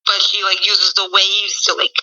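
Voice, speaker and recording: A woman's voice: medium pitch, flat delivery, moderate pace, sharp tone. A woman as a guest in a casual chat, rambling and filling her talk with "like". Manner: rambling, heavy use of "like" fillers. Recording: dull lo-fi audio.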